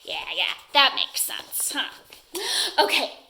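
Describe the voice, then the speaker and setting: A woman's voice: on the high side, sing-song, slow pace, bright, forceful tone. A woman teaching preschoolers who reads a picture book aloud in a playful, giggly way and keeps asking the children questions.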